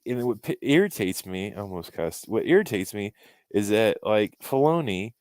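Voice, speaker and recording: A man with a low voice, talking in a loose, rambling way on a casual podcast. He is recorded close and dry, with no room sound around him. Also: very animated, normal speed, darkish tone, dry recording. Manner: rambling, restarts often, fan opinions. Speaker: podcast co-host. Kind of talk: casual chat.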